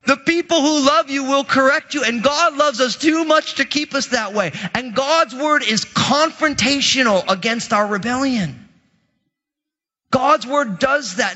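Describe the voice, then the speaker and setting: Animated high-voiced male preacher, echoing hall. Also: muffled recording. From Italian heritage. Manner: animated, conversational preaching with dramatic asides. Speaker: pastor. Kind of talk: sermon.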